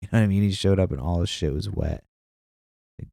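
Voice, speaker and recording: Gravelly deep-voiced man rambling casually. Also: fast talker, dark tone, dry recording. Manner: profane, meandering storytelling with many fillers. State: stuffy nose. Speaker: podcast host.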